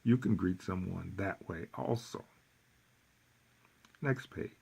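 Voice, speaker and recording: A man teaching a workbook lesson, repeating phrases slowly with folksy asides. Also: deep voice, creaky, mellow, slightly rough. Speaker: Spanish teacher.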